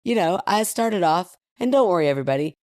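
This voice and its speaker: A woman co-hosting a casual podcast tells a family story with lively energy, laughing often and swearing freely. Her voice sits fairly low, and the recording is close and dry with no room sound. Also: quick pace, no echo. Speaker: podcast co-host. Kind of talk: casual chat.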